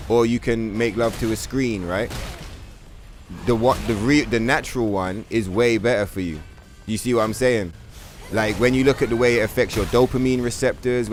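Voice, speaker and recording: A man's voice: on the low side, slight background noise. A man, streaming a video game and ranting casually, full of swearing and filler words. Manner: profane, rambling rant, heavy on "bro" and "like". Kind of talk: casual livestream commentary.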